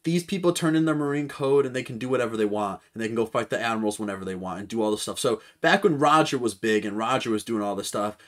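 A man's voice: mid-range voice, quick pace, few pauses, a bit bright. A man giving casual, speculative commentary in a rambling way. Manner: rambling, speculative, with fillers and restarts. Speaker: anime commentator.

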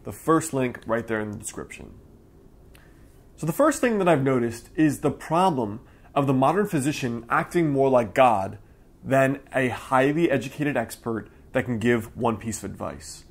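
Guy talking straight to camera, earnest and emphatic, mid-pitched voice. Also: animated, moderate pace, creaky. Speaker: acupuncturist and channel host. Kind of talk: direct-to-camera talk.

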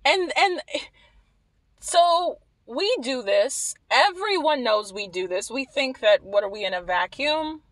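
A woman's voice: high-pitched, animated, takes it slowly, fairly bright tone, dry recording, rough recording. A woman vlogger delivering emphatic opinion commentary, pressing her points with rhetorical questions.

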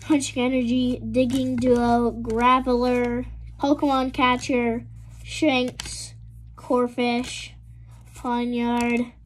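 A woman with a high voice talks slowly through a card unboxing. She reads each card name aloud in a list and breaks into excited exclamations at the good pulls. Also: a little hiss or hum. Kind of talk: casual unboxing commentary.

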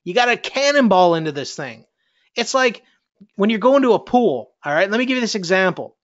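A man's voice: sits high, very animated, fairly quick, lo-fi sound. A middle-aged man, a network marketing coach, giving a fiery, preachy motivational talk and challenging his listeners.

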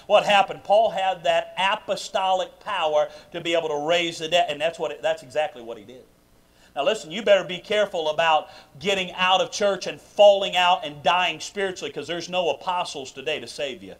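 A man preaching a sermon in a church sanctuary, emphatic and full of questions to the congregation, swinging between loud bursts and quiet asides. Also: fairly high pitch, normal speed. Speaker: pastor. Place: church sanctuary during a live service.

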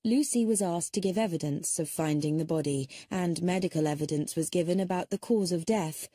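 A woman reads an audiobook aloud in a lowish, mellow voice with a slight husky edge. She narrates steadily and shifts her pitch for the characters. The recording is dry and close, with no room sound. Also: a little fast, no echo.

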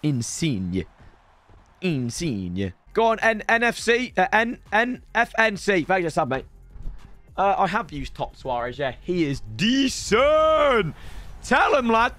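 With soft music in the background, a young man opens packs on stream in an unhurried, high, slightly hoarse voice. He gets excitable, alternating between shouting and grumbling.

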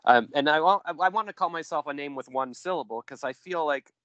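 A man's voice: fairly high pitch, fairly quick, a bit bright, no room sound, highs cut off. A man hosting a podcast in casual chat, rambling and jokey, often trailing off mid-thought. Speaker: podcast host.

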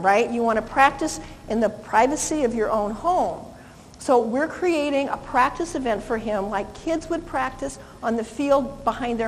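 A woman's voice: a little high, in a large hall, slight background noise, poor audio. A woman dog trainer teaching a live seminar, cheerful as she demonstrates with a dog and coos to it sweetly.

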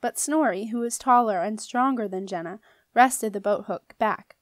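A woman's voice: mid-range voice, moderate pace, no room sound, clean studio sound. Woman reading a children's novel aloud. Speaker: audiobook reader. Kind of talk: children's book narration.

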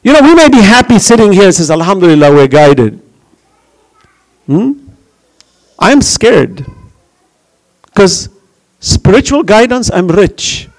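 Man, raised in New York, fairly high-pitched, impassioned religious lecture, rhetorical questions. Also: sing-song, a little slow, pauses often, low-quality recording. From grew up in New York.

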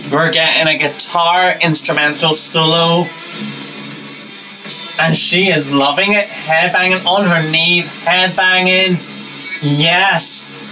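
An upbeat man with a fairly high voice hosts a reaction video. He talks over a live performance, giving eager running commentary. Loud concert music plays clearly behind his voice. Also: rough recording. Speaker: reaction channel host.

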